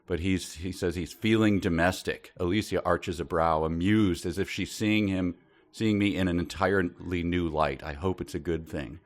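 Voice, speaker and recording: A man's voice: low-pitched, fairly even intonation, normal speed. A man from Minnesota, co-hosting a comedy book podcast and making dry, wry jokes. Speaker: podcast co-host. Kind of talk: casual comedic book discussion.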